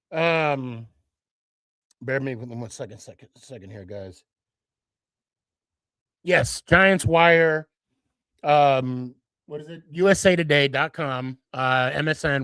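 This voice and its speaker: Man, podcast host, casual rambling monologue, bright forceful voice, dry close sound. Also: clean tone, no echo. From Dallas-Fort Worth area. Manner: rambling, repeats himself, many restarts and fillers; excitable, jumps higher when animated.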